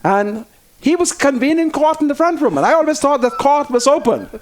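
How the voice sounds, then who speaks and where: Fiery high-voiced Bahamian man. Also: very animated, fairly quick. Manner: fiery, preachy, dialect-heavy. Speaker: talk show host. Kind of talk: heated political talk show.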